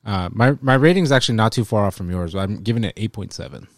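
A man's voice: on the low side, expressive, quick pace, no echo, clean studio sound. Teasing man in casual chat. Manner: teasing, argumentative, profane.

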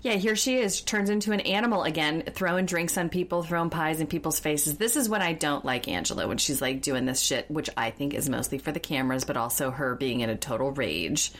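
Deep-voiced woman, blunt and sweary. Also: a little fast, hardly any pauses. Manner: blunt, swears freely, sarcastic. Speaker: podcast host. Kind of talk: casual recap chat.

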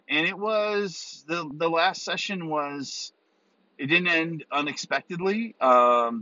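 A man's voice: medium pitch, pushed and bright, no room sound. Man rambling on a solo podcast. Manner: rambling, with many ums and restarts. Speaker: podcast host. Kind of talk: casual solo podcast talk. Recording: dull, dry recording.

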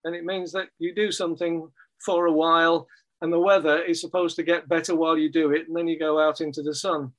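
Male poet, high voice, measured reading with chatty asides. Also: fairly bright tone. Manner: measured, conversational between poems. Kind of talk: poetry reading with spoken asides.

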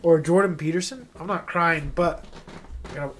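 A man's voice: on the high side, moderate pace, a little hiss or hum. A young man hosting his own podcast, talking alone in a rambling, profane and emotional confessional way. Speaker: podcast host. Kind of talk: casual solo monologue.

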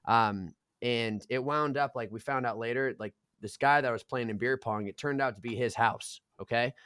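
A man in his twenties telling a wild party story on a casual podcast, profane and animated, getting loud at the punchlines. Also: mid-range voice, normal speed, clean tone, no room sound, clean studio sound.

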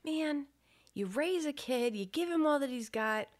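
A woman's voice: high-pitched, lively intonation, a little slow. A woman co-hosting a casual podcast chat, playful and teasing, often laughing. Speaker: podcast co-host.

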